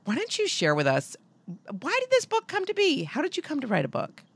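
A woman from New England hosting a podcast interview, enthusiastic and quick to laugh. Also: sits high, huge pitch swings. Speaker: podcast host.

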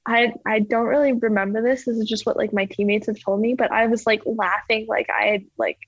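A woman's voice: on the high side, fairly even intonation, a little fast, dry recording, muffled recording. A young woman athlete telling stories in a casual interview, rambling with lots of "like" and laughing as she goes. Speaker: ski jumper guest.

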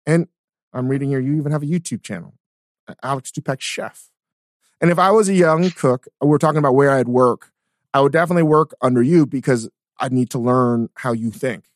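A man hosting a podcast interview, talking in an excited, casual way with many restarts. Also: mid-range voice, fairly quick, no echo, studio quality. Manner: enthusiastic, stammers on restarts. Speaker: podcast host.

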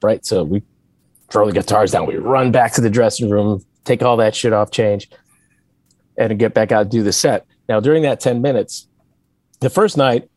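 A man's voice: on the low side, breathy edge, no room sound. A man who is a musician, guesting on a podcast and telling tour stories casually with frequent laughs. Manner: animated, laughing storyteller.

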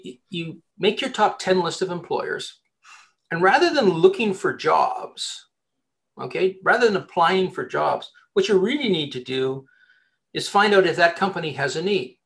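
A man, a headhunter, giving job-hunting advice in a casual interview, talking in an animated way with many restarts. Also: sits high, normal speed, gravelly. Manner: animated, chatty, many restarts and repeated words.

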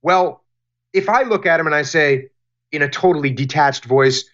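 A man's voice: fairly high pitch, fairly bright tone. Emphatic man, slightly muffled audio. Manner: deliberate, emphatic, repeats phrases for emphasis. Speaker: guest, former military leader. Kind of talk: interview answers.

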